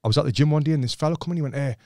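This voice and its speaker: A slightly high, very fast, mellow male voice, recorded studio-clean with no echo. He's a former boxer guesting on a podcast, swapping stories in casual chat, cursing freely and gleefully acting out what the people in his tales said.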